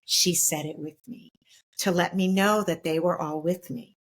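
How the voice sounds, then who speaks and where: A middle-aged woman with a slightly low voice recounts her own experiences as an interview guest. She speaks reflectively, halting and restarting with frequent fillers as she searches for words. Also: steady tone. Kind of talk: personal storytelling in an interview.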